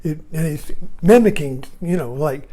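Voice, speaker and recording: Mellow-voiced man musing and chuckling. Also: a little high, animated, unhurried, a little hiss or hum. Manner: chuckling, digressive, self-interrupting. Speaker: speaker on Zen and irony. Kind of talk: rambling casual monologue.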